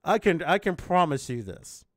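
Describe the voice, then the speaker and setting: A man's voice: a little high, animated, moderate pace, a bit bright, no room sound, studio quality. A man hosting a casual chat with friends, blunt and teasing, swearing freely. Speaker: podcast host.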